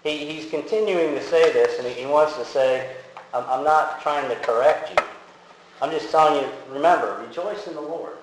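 A man preaches in a relaxed, conversational way, stumbling over words and restarting often. His voice sits at a medium pitch. The room is very echoey, with faint ambient noise behind him. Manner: conversational, many fillers and restarts. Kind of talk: casual sermon with audience quiz.

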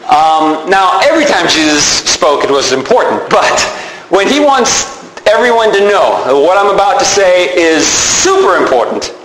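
Guy giving a sermon, kinda high voice, chatty, echoey room w faint hum. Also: very animated, moderate pace, fairly bright tone. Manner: conversational, explains with repeated examples. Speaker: pastor.

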